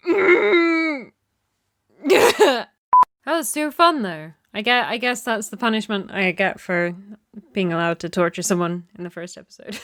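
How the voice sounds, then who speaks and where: A woman's voice: high-pitched, no room sound, studio quality. A woman voice actor chatting casually between takes at home, giggly and self-mocking, a little teary. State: teary from emotional scenes. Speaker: voice actor in a fan audio drama. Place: home recording setup at night.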